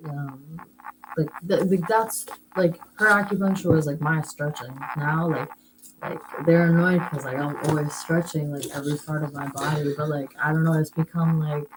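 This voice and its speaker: A woman's voice: low voice, fairly even intonation, moderate pace, noisy background. A woman chatting casually, rambling and hesitant, with many fillers. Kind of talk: casual chat.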